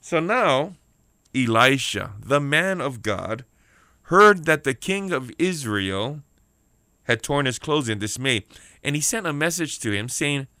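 A man's voice: mid-range voice, big pitch swings, measured pace, sharp tone, dry recording. A man preaching a sermon on the radio, emphatic, repeating key lines and calling out for amens. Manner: emphatic preaching with repeated phrases and call-outs for amen.

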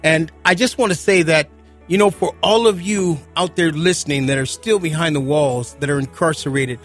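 A man's voice: a little high, moderate pace, soft background music. A man visiting a radio studio as a ministry guest, preaching fervently and repeating his amens.

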